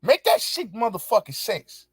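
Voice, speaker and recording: Very animated and high-pitched, with a breathy edge, a show host rants at a moderate pace, answering viewers with furious, foul-mouthed commentary and emphatic repetition. The studio-quality audio has no echo.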